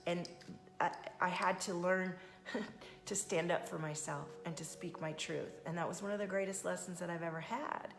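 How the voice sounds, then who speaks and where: A woman coach speaks softly and soothingly to her live-stream viewers, chatting casually and greeting them by name. Her voice carries a roomy echo, as if she is in a bare room. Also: lowish voice, steady tone, moderate pace, soft background music.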